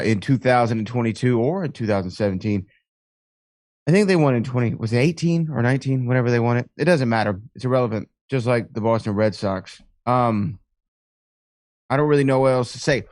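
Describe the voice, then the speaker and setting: A man on a call-in podcast, trading playful jabs in easy conversation. His voice is mid-pitched and sounds dry and close, with no room around it. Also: moderate pace, a little mellow, no room sound. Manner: teasing, playful sports banter. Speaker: podcast guest, author and wrestling announcer. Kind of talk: casual interview chat.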